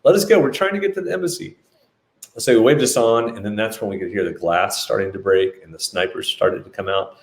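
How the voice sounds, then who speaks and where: A man telling a dramatic story in a lively way, acting out the quotes. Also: low-pitched, reverberant. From United States. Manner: animated, acts out quotes. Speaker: business leader telling a story. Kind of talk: storytelling talk.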